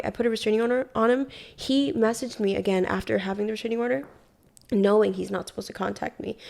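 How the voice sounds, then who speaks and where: Young woman with a gravelly edge. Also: mid-range voice. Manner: animated retelling, heavy swearing, acts out quotes. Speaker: podcast guest. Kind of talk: casual storytelling. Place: Hawaii.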